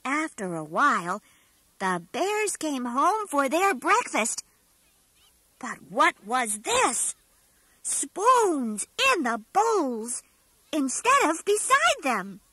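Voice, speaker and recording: A gentle storytelling toy bear, reads a storybook aloud in a very high, bright voice. It lilts up and down in a sing-song and takes its time over every word. The sound is close and dry. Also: female voice, sing-song, dry recording, heavily acted. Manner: slow, sing-song, emphatic. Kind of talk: scripted storybook narration.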